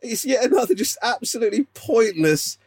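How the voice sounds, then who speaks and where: A man's voice: extremely high pitch, animated, fairly quick, darkish tone, breathy edge. A man co-hosting a casual podcast chat, teasing his friend with incredulous questions. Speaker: podcast co-host.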